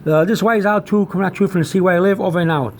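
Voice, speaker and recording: Male teacher, high voice, halting delivery, spells words aloud, says okay a lot. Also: fairly even intonation, a little mellow, slight background noise. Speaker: channel host teaching chemistry and medical terms. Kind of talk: informal whiteboard lesson.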